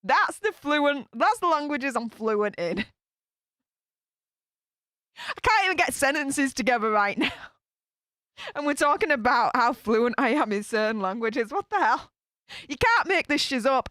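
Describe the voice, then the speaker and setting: A woman's voice: high voice, lively intonation, a little slow, long pauses, fairly bright tone, dry recording, clean studio sound. A woman with a Yorkshire accent chatting casually with her live-stream viewers, rambling with lots of fillers and restarts. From Northern England. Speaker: YouTube commentator reading live chat.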